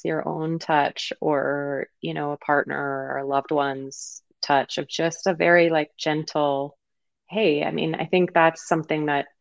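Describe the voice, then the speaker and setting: A woman manual therapist speaking as a podcast guest in gentle, reflective conversation, laughing easily. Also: low voice, no echo. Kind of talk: casual conversation. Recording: slightly muffled dry sound.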